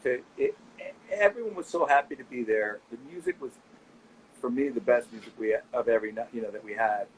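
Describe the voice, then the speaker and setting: Middle-aged guy spinning nightlife stories, mid pitch, slight hiss in the background. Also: brisk, rough recording. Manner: animated anecdotes, quoting people. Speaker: nightlife owner and guest. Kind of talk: casual interview storytelling.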